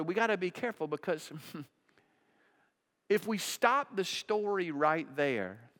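A male pastor delivers a sermon in a somewhat high voice. He climbs to loud, emphatic peaks, then sinks into hushed, low passages, and he often restarts phrases and repeats words to drive a point home.

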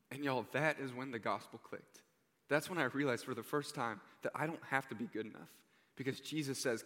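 Every line of this young man's sincere sermon trails off into long reverb from the hall. His mid-range voice is bright and forward and fairly quick, often falling to a hush when he lands a point.

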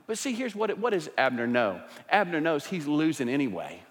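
A fairly high-voiced man preaches a sermon, pressing his points with rising emphasis and then dropping into quieter asides. His voice carries the long reverb of a large hall. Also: big pitch swings, normal speed. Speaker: pastor.

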